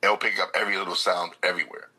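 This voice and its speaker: Deep, husky, forceful-sounding man. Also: fairly even intonation, very fast, low-quality recording. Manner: earnest, repeats words as he restarts. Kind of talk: casual chat. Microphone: close dynamic mic.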